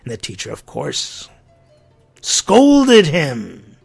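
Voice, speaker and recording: A man's voice: high voice, animated, a little slow, creaky, slightly rough, faint music behind. A man hosting a religious talk show, telling a story in an earnest, reflective way that sometimes drops almost to a whisper. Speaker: host.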